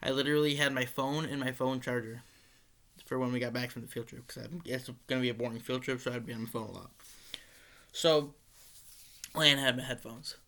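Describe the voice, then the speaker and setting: A man's voice: mid-range voice, steady tone, brisk, sharp tone. A teenage boy telling a school story in a casual, rambling way, full of likes, restarts and the odd swear. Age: teens. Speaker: high school student.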